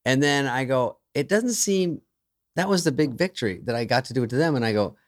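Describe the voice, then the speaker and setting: A man's voice: mid-range voice, expressive, brisk. A man telling stories as a guest comedian in a casual podcast chat, acting out other people's lines in changed voices.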